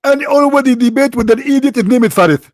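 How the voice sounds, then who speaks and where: Man putting on a shrill male preacher, declaiming loudly, voice pushed high. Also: fast, no echo, clean studio sound. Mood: mocking. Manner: shrill, declaiming, mocking impression. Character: excitable high-pitched male preacher addressing followers.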